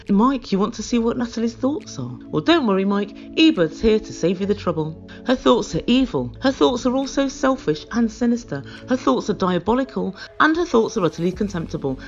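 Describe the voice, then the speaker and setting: A woman's voice: on the high side, a little mellow, highs cut off. A woman giving a comedic, sarcastic recap of a reality show. She is dramatic and emphatic and refers to herself in the third person. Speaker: YouTube reality-TV reviewer.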